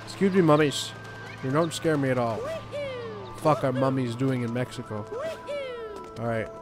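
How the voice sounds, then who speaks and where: A young man commenting on a game as he plays, swearing often and joking excitedly. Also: mid-range voice, moderate pace, music in the background. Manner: profane, excitable, jokey. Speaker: gaming YouTuber. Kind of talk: let's play commentary.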